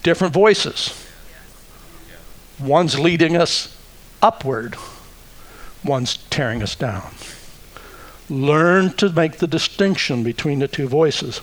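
A male pastor preaching a sermon, deliberate and emphatic, with wry asides. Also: a little high, lively intonation.

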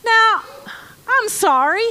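A woman preaching a conversational sermon to a live congregation with children present. She reads scripture slowly and deliberately, then breaks in with joking, sarcastic asides. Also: very high voice, animated, bright, forceful tone. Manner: slow, deliberate scripture reading. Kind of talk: conversational sermon with Bible reading.

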